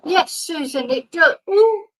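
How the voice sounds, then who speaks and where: A woman's voice: very high voice, animated, slow, low-quality recording. A woman hosting a casual live stream, chatting with viewers and soothing her dog. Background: faint fireworks.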